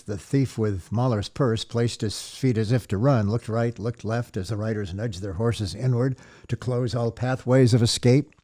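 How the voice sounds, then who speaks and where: A man narrating an audiobook in a measured, descriptive storytelling manner. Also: lowish voice, mellow. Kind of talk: scripted narration.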